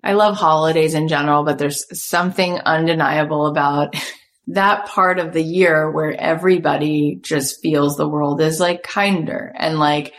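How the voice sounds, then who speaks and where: A woman hosting an interview, speaking with enthusiasm and reflective pauses. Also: low-pitched, fairly even intonation. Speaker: host. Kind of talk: conversational interview.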